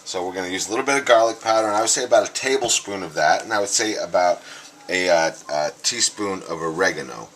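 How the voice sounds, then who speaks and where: Low male home-cook host, chatty and easygoing, clattering kitchen behind. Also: fast talker, a bit bright, a little hiss or hum, rough recording. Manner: chatty, talks to viewers as "guys" while working, with frequent restarts. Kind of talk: casual cooking demonstration. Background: clattering dishes, cutlery and stirring.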